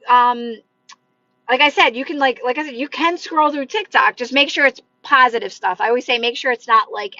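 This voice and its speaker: A woman with a slightly high, sharp-toned voice talks through viewer comments on her livestream, where she works as a manifestation coach. She's chatty and supportive, leans heavily on "like," and speaks with her hands. Her phone mic cuts off the highs, and the sound is dry.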